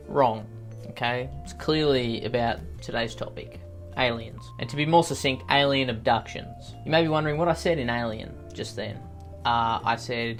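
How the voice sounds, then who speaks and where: A man riffs through a comedy video in a sarcastic, self-mocking tone. His voice sits at an ordinary middle pitch, and light music plays quietly underneath. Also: normal speed. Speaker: YouTuber host. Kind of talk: comedic vlog commentary.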